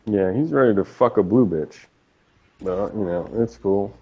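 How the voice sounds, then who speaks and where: A young man in casual online voice chat, telling stories in an animated, profane way. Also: on the low side, a little slow, breathy edge, highs cut off. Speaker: lobby chat regular.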